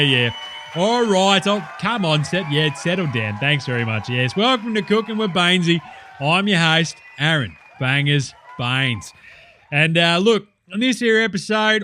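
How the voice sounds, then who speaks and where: A man's voice: sits high, heavily acted. A man playing a brash, boastful Australian cooking-show host in a comic skit, bantering with a rowdy live studio audience. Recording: loud studio audience and noise behind. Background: crowd cheering.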